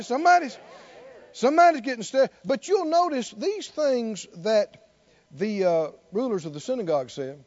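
A man preaching in a very high, lively voice, swinging between low murmurs and ringing near-shouts as he calls out to the congregation. The recording is dull and lo-fi. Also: moderate pace. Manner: call-and-response preaching, rising to near shouts. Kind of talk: sermon.

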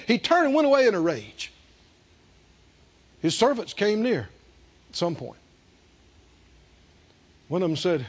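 A male pastor preaching a sermon in an animated way, drawing answers from the congregation. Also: high-pitched, slow pace, pauses often, breathy edge, dull audio. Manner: animated preaching with call-and-response.

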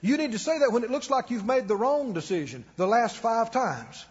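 A male pastor with a high, husky voice drives his sermon home and has the congregation echo his lines. His voice rings with a long church reverb on a dull, lo-fi recording. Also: lively intonation, normal speed. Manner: emphatic, calls the congregation to repeat after him. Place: church sanctuary.

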